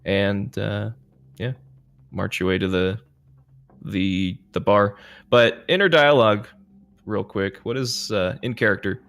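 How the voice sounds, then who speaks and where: A man's voice: on the low side, unhurried, gravelly, fairly bright tone. A man narrating as storyteller of a tabletop role-playing game, in a laid-back, rambling way.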